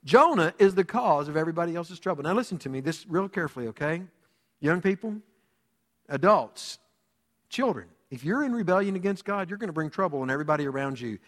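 A man preaching a sermon as pastor, dramatic, swinging between loud declarations and hushed asides. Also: on the high side, animated, fast, big-room sound.

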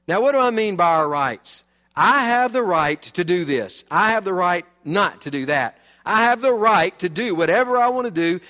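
A man pastor preaching a sermon, animated and emphatic, swinging between loud and quiet. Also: high-pitched, big-room sound.

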